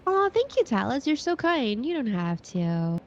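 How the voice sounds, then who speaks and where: A woman's voice: on the high side, very animated, normal speed. Congested woman reading stream chat. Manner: friendly, reads and thanks chat. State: congested, breathing through mouth. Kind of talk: casual live-stream chat. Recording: dull lo-fi mic with faint noise.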